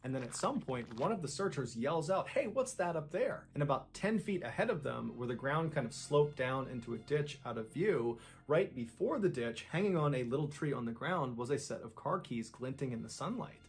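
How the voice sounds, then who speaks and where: A man's voice: medium pitch, expressive, brisk, hardly any pauses. A man narrating a true-crime story in a suspenseful, dramatic way, acting out the lines people said.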